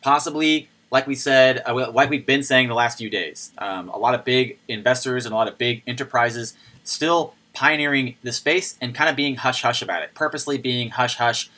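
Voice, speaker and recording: Bright-voiced man hosting a chatty live stream. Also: moderate pace, hardly any pauses. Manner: chatty, greets viewers by name, animated swings in pitch. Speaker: crypto live stream host. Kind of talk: casual live stream chat.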